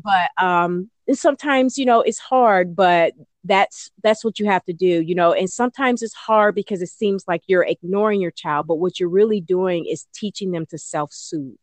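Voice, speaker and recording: A woman, an early childhood educator, answering interview questions in a casual, animated way, often slipping into playful high voices. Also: normal speed, hardly any pauses, dry recording.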